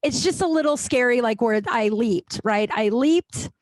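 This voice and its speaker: A woman hosting a podcast in casual personal chat, talking in an animated, rambling way, swearing freely and getting emotional at times, at home. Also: fairly high pitch, a little slow, no echo. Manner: emotional, close to tears at times. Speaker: podcast host.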